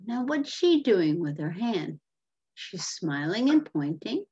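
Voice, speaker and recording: A woman's voice: mid-range voice, very animated, slow, dark tone, husky. A woman teacher reading a picture book aloud to children, patiently explaining and asking questions, on a muffled lo-fi recording.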